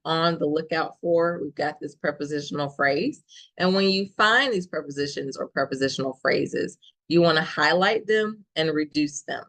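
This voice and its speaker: Gravelly-voiced woman leading a writing workshop. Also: low voice, rough recording. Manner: steady and explanatory, with frequent "okay?" checks. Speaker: workshop presenter, professor. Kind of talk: instructional workshop talk.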